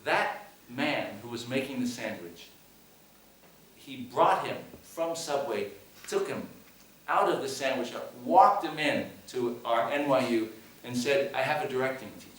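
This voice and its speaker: Slow and lively in his intonation, this mid-range male voice belongs to a film director who also teaches. He recounts a story with hesitant restarts at a post-screening public Q&A, in front of an audience in the hall. It's picked up from a distance, with plenty of echo.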